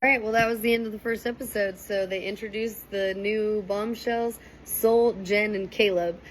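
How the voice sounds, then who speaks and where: A young woman casually recapping and reacting to a TV episode, chatty and animated, with a faint hiss behind her. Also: mid-range voice, normal speed, poor audio. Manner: chatty, animated, quotes people in raised voices. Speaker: reaction commentator.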